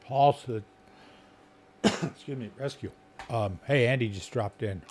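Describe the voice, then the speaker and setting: A man hosting a live podcast stream outdoors at night, talking casually in a rambling way full of fillers, his voice a bit hoarse. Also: mid-range voice, unhurried, a little mellow, a little hiss or hum. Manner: rambling, filler-heavy talk. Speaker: podcast host.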